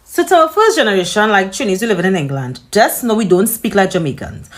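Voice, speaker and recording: Trinidadian woman, mid pitch, profane no-nonsense lecturer. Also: big pitch swings, fast, hardly any pauses. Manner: lecturing, profane, matter-of-fact.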